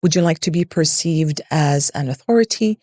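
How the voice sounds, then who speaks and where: A woman speaks as a voice coach in an interview, guiding the listener step by step with lists and rhetorical questions. Her voice is mellow and fairly low, and the sound is dry and close. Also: normal speed, dry recording. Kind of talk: expert explaining in an interview.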